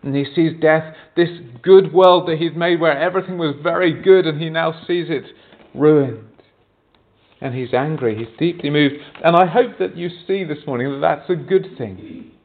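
A man's voice: fairly high pitch, moderate pace. A man preaching a sermon, earnest, often turning to the congregation with rhetorical questions. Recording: tinny phone-like sound.

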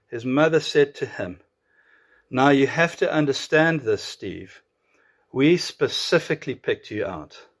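A man preaching a sermon, earnest and emphatic, slowing to draw out key words. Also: medium pitch. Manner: earnest, with emphatic drawn-out pauses. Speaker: pastor.

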